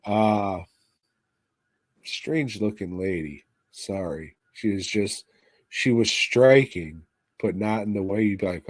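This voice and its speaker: A man's voice: lowish voice, slow, no room sound. A man co-hosting a podcast, reviewing a movie in casual chat with crude, sarcastic, swear-heavy remarks. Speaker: podcast co-host. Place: podcast studio.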